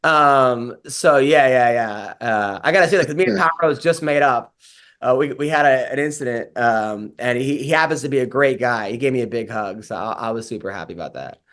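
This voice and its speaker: A man's voice: mid-range voice, brisk, few pauses, fairly bright tone. A man, a comedian and podcast host, telling a rambling story in casual chat, full of fillers and swearing.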